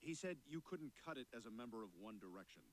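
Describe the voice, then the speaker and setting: An actor voicing a wisecracking, self-serving adult talking dog with a sardonic, wheedling manner. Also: male voice, medium pitch, lively intonation, quick pace, a little mellow, close to an everyday voice.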